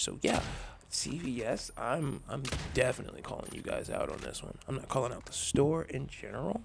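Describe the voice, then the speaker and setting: A man's voice: mid-range voice, big pitch swings, brisk, creaky, noisy background. A man vlogging an angry, profane rant about a bad customer experience, telling the story in a heated, exasperated way.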